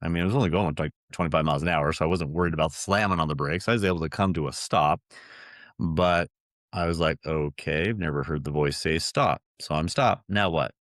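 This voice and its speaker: A man's voice: low-pitched, fast talker, a bit bright, no room sound, clean studio sound. A middle-aged man as a podcast guest, telling a personal story earnestly, with many restarts and fillers.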